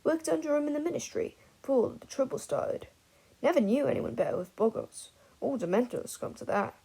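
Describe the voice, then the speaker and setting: A woman's voice: high-pitched, lively intonation, fairly quick, gravelly, dark tone, slightly rough, pitched above the performer's own voice, full character voice. A woman reading an audiobook, voicing a drunk, rambling old wizard man who slurs and blusters. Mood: blustering. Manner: slurring, blustering.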